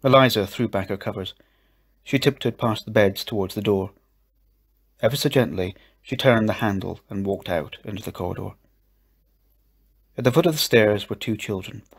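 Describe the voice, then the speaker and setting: Husky low-voiced male storyteller. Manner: gentle, measured storybook reading. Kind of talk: scripted narration.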